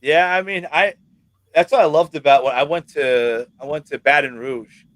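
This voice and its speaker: A man's voice: a little high, moderate pace, a bit bright, no echo. A man from New York with a New York accent, joking and swearing casually as host of a livestream chat.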